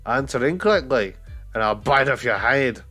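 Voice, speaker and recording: A man voicing an angry male bridge troll who speaks slowly in a put-on accent. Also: mid-range voice, lively intonation, soft background music. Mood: menacing. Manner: slow, shouting, put-on accent.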